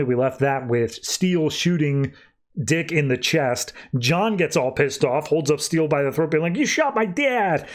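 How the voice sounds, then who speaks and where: A man hosting a podcast, casually recapping comic issues in a loose, offhand way. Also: mid-range voice. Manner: recaps scenes loosely, tossing in quick offhand voices for characters. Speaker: podcast host.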